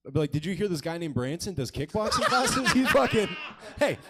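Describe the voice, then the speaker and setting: A man's voice: high voice, very animated, brisk, a bit bright, slightly rough. A man in his twenties doing a crude, self-mocking stand-up set on a comedy club stage. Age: 20s.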